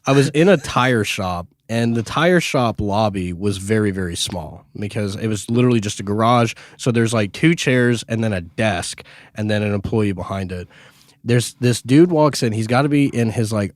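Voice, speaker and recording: A man co-hosting a podcast, telling a story in a casual, animated and self-deprecating way, swearing freely. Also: lowish voice, normal speed, dry recording, clean studio sound. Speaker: podcast co-host.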